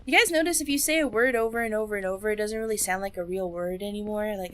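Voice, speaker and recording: A woman's voice: mid-range voice, quick pace, few pauses, a little hiss or hum. A young woman streaming a horror game, chatting playfully with her viewers, humming along to the music and breaking into squeals. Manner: playful, hums and sings along, jumps to squeals. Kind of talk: casual live-stream chat. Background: faint game music.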